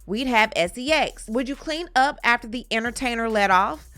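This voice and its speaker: A woman hosting a commentary channel, briskly reading court testimony aloud with short reaction asides. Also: a little high, expressive, fairly bright tone, no room sound.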